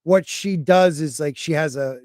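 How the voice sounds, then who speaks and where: A man's voice: on the high side, unhurried, a little mellow, no room sound, studio quality. A man co-hosting a podcast, chatting loosely about anime with lots of restarts. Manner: rambling, chatty, frequent restarts. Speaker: podcast co-host. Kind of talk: casual chat about anime.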